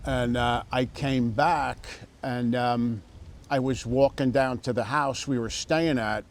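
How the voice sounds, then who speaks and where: Slow, halting man telling a story. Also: medium pitch, steady tone. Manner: halting, many fillers and restarts, storytelling. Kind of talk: casual interview testimony.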